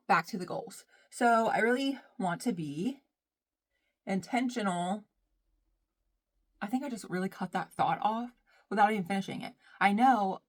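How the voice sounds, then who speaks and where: A woman's voice: mid-range voice, fairly bright tone. Chatty woman vlogging. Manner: chatty, rambling, says "y'all" often. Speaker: beauty vlogger. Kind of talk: casual chat while doing makeup.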